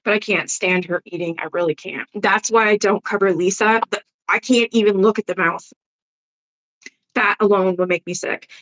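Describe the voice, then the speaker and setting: On a rough recording, a foul-mouthed woman chats live on her stream with a steady, mid-range, slightly bright voice at a moderate pace. She reads and answers viewer comments, gossiping bluntly and laughing a lot.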